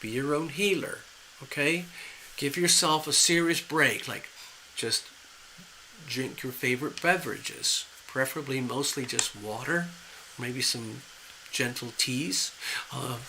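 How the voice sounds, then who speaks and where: A man with a very bright, ringing voice gives live tarot readings, speaking slowly and soothingly with lots of fillers. His pitch sits a little high, and faint noise hums behind him. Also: rough recording. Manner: gentle, soothing, rambling with fillers. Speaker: tarot reader.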